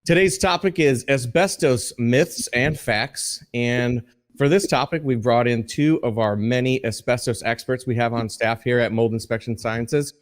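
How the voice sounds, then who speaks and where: A man's voice: mid-range voice, a little slow. A man guest-hosting a live podcast from a studio, upbeat and friendly as he introduces his guests. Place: studio in Texas.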